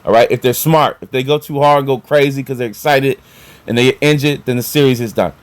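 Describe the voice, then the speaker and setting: A man chatting casually about basketball as a vlogger, animated and excitable, with lots of fillers and repeated words. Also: mid-range voice, fairly quick, no echo. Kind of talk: casual sports talk.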